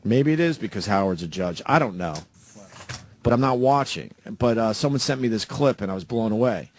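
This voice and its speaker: A man's voice: lowish voice, animated, a little fast, a little hiss or hum. A man hosting a radio show, chatting loosely with his studio crew. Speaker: radio host. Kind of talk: casual studio banter.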